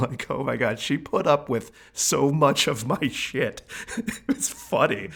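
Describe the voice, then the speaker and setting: A man's voice: slow pace, vocal fry, breathy edge. A man, a psychic medium, telling stories in casual chat and acting out his own quoted exchanges. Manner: animated, acts out quoted exchanges in a higher voice. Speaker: psychic medium, podcast host. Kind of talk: casual storytelling monologue.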